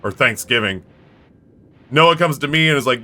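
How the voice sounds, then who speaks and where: A man's voice: mid-range voice, animated, pushed and bright. A man streaming live, telling stories in a rambling, candid way. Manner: rambling, candid storytelling with quick impressions. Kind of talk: casual chat.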